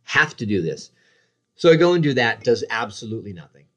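A man in his forties tells a story about his own injuries in casual conversation, animated and self-deprecating, acting out other people's voices. He speaks briskly at a medium pitch.

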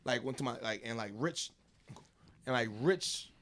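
A man's voice: medium pitch, a little slow, a bit bright. A man telling a story in casual chat, loose and rambling, full of fillers, acting out what people said. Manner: loose, drawling storyteller, lots of fillers, acts out quotes.

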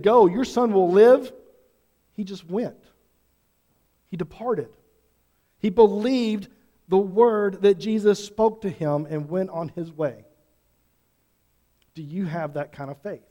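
A pastor with a high, warm voice preaches an earnest sermon in a church sanctuary, pressing his congregation with repeated questions. Long hall reverb fills the recording.

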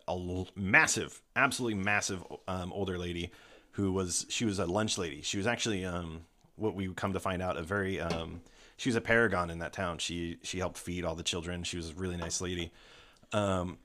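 A man hosting a casual podcast chat, retelling a tabletop game story in an animated way, swearing freely. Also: deep voice. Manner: animated, swearing, breaks into laughter.

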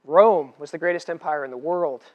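Male pastor, animated sermon delivery, big loud peaks and soft asides, some humor. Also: fairly high pitch, moderate pace. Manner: animated preaching, swinging from loud declarations to quiet asides, with humor.

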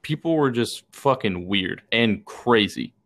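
A man's voice: mid-range voice, lively intonation, measured pace, fairly bright tone. A young man from Texas, co-hosting a podcast and telling rambling, swear-laden stories full of fillers. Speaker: podcast co-host. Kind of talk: casual chat.

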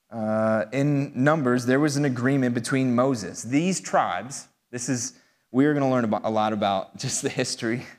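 A man preaching a sermon in a loose, conversational way, with frequent fillers and asides. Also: mid-range voice. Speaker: pastor. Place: church hall. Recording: long hall reverb.

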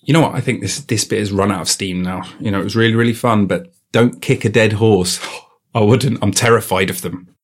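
Fairly quick and with fairly even intonation, this lowish-voiced podcast host jokes around on his comedy show through a studio mic, replaying gags in goofy voices.

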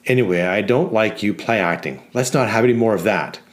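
A man reading the part of a curt, domineering gang-boss bridegroom who speaks in a gruff, scornful way. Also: fairly low pitch, a little fast, close to an everyday voice.

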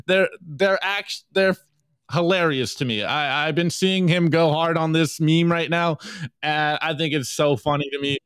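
Excitable podcast host, dry close sound. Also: male voice, a little high, clean tone, no echo. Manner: excitable, loose, swears, laughs a lot. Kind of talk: casual meme review chat.

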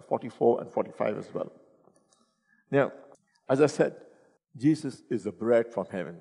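Animated male preacher in a reverberant hall. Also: medium pitch, gravelly, slightly rough. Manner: animated, rhetorical questions to the congregation; reads scripture aloud between comments. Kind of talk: sermon.

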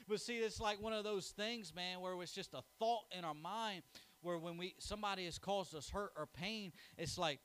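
A young man with a fairly high voice, preaching a sermon. He moves from a casual, quiet family story into scripture reading and then builds to emphatic, rising declarations. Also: moderate pace, clear, resonant tone. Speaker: pastor.

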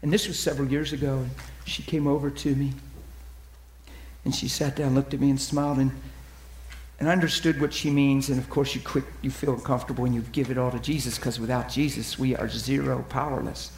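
A man telling ministry stories in a sermon, acting out the people he quotes and dropping to a soft near-whisper at tender moments. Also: mid-range voice, level tone, a little fast, echoey room, slight background noise. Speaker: preacher. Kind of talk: storytelling sermon.

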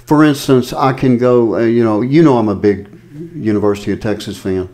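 A man co-hosting a show in casual chat, with steady, affirming remarks. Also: medium pitch, brisk. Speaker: co-host.

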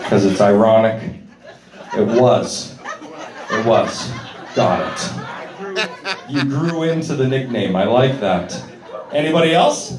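A man's voice: medium pitch, recorded from a distance. Man, stand-up comedian, crowd work, rowdy and profane, echoey club room. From Canada. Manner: profane, loud, rowdy storytelling.

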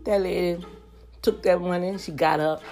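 A woman's voice: fairly low pitch, steady tone, moderate pace, dark tone, soft background music. A woman telling a story casually. She is chatty, talks straight to her listeners and acts out what other people said. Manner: chatty, addresses listeners as "y'all".

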